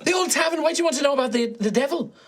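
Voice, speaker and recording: A woman's voice: sits high, expressive, rapid-fire, heavy background noise, pitched above the performer's own voice. A woman voicing a plump, motherly cow-woman who keeps a cafe, in a put-on Irish accent, fussing and doting in a sing-song way.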